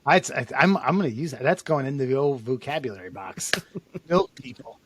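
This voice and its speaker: A man's voice: medium pitch, very animated, moderate pace, a bit bright, no echo. A man co-hosting a podcast, casually reading out listener comments with loose, jokey asides and frequent laughs. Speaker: podcast co-host.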